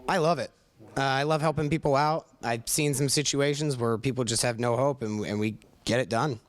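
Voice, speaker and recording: A man's voice: mid-range voice, fairly even intonation, a little fast. A man who sells cars, answering questions modestly and a bit hesitantly. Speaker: car salesman. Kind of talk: casual interview answers.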